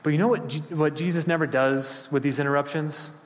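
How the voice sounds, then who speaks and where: Animated preacher with a ringing hall sound. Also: male voice, brisk. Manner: animated, acts out quoted voices with sudden pitch jumps. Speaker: pastor. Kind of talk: sermon.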